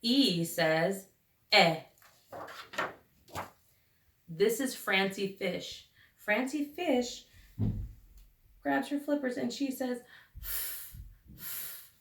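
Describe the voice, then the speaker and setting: A woman teacher leading a phonics lesson for young children, sounding out each letter slowly and deliberately. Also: a little high, fairly bright tone. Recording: echoey room, recorded from a distance.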